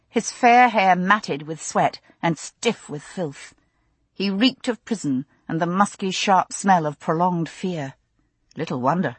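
A woman narrating a novel in the first person, with expressive, dramatic storytelling. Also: lowish voice, husky, no room sound. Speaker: audiobook narrator.

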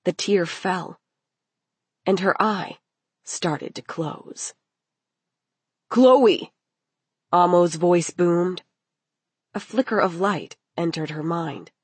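A woman reading a dark novel aloud as narrator, in slow, measured, dramatic narration. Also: lowish voice, steady tone, slightly rough, no echo. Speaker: audiobook narrator.

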